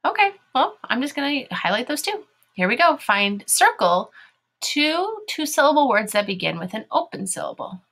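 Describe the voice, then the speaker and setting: A woman's voice: fairly high pitch, very animated, moderate pace, fairly bright tone. A woman teaching a phonics lesson to young children, spelling words out letter by letter and sounding them out in an encouraging way.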